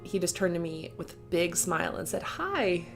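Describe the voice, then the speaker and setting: A woman's voice: on the low side, level tone, fairly quick, over music. A young woman telling a story in a casual vlog. She gushes with emotion, says "like" and "um" often, and laughs between sentences. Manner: gushing and emotional, with filler words and laughs. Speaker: vlogger.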